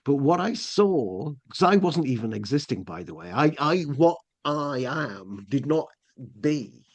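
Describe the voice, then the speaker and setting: A man's voice: on the high side, sing-song, unhurried. A middle-aged English man telling a long personal story as a podcast guest, rambling with lots of restarts and fillers. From England. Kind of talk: casual storytelling.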